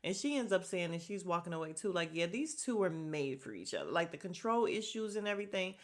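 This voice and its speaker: Speaking fast in a lowish voice, a young female podcast host runs through a reality show recap. She's blunt and gossipy, curses freely, and mimics cast members with animated voices in her casual chat.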